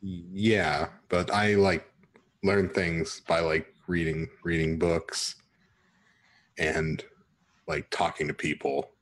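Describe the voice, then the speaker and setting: A man's voice: low-pitched, little pitch movement, slow pace, fairly bright tone. A man playing a tabletop game in character, rambling with lots of "like" and eager questions. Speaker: player. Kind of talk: in-character tabletop role-play.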